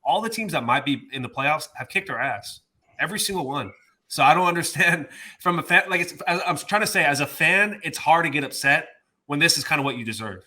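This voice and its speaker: A man's voice: on the high side, expressive, a little fast, bright, forceful tone. A man co-hosting a sports podcast, ranting in casual chat with exasperation. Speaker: podcast co-host.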